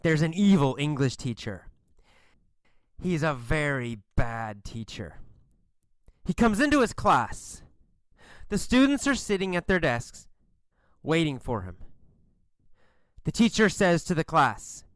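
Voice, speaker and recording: A man reading a short story aloud for English learners, clear and deliberate. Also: fairly high pitch, sing-song, fairly bright tone, dry recording, low-quality recording.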